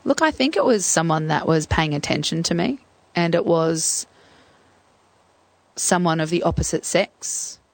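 Woman, 30s, gravelly, dry close sound, reflective storytelling. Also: low-pitched, unhurried, dry recording. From Australia. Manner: reflective, acts out remembered phone talk. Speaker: interview guest. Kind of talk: candid personal storytelling.

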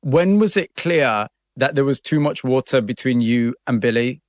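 A male host who narrates the story in scripted passages and questions his guest in a probing way. His voice is a steady middle pitch. It is recorded close and dry. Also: moderate pace, no echo. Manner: probing, sums up and challenges the guest.

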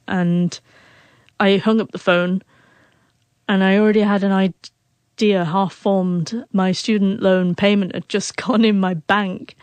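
A woman's voice: mid-range voice, fairly even intonation, normal speed, darkish tone, clean tone, dry recording. Woman who stutters. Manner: stutters, repeating first sounds. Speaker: author and guest. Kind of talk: emotional interview storytelling.

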